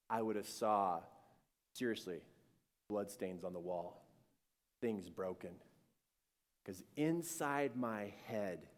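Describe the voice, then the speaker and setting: A man telling a personal spiritual story, animated and acting out scenes, swinging between hushed and shouting. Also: medium pitch, long reverb tail.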